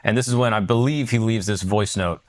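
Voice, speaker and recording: A man co-hosting a casual podcast, recounting a story quickly and filling it with "like". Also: on the low side, dry recording, studio quality. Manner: rapid storytelling with many "like" fillers. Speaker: podcast co-host recapping a story.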